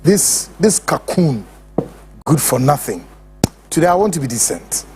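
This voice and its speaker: A man's voice: fairly high pitch, very animated, measured pace, music in the background. A man with a Ghanaian accent hosting a show, ranting in heated, insulting commentary. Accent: Ghanaian English. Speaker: host.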